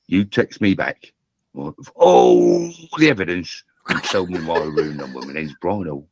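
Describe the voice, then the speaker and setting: A groggy, confused man rambling down the phone, his husky voice very deep yet swinging widely up and down. He keeps repeating himself, swearing and apologizing. The sound is dry and close. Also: sing-song, unhurried, a little mellow, dry recording. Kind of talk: phone call.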